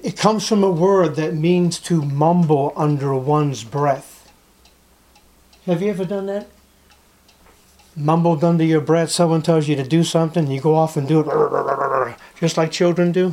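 A man's voice: fairly high pitch, steady tone, a little slow, darkish tone. A male preacher giving a sermon, emphatic and repetitive, full of rhetorical questions.

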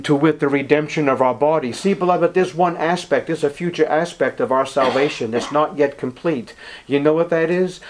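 A middle-aged man preaching a sermon as pastor, with impassioned delivery, dramatic pauses and scripture read aloud. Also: on the high side.

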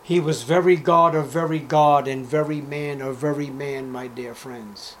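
A man delivering a sermon with a voice pitched a bit above most men's. He declaims scripture loudly, then drops to a hushed, intimate tone. Faint insect buzz hums behind him. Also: fairly even intonation, measured pace, few pauses, a little hiss or hum, low-quality recording. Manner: emphatic, swings between loud declaiming and hushed asides; reads scripture in old-fashioned biblical wording. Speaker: preacher.

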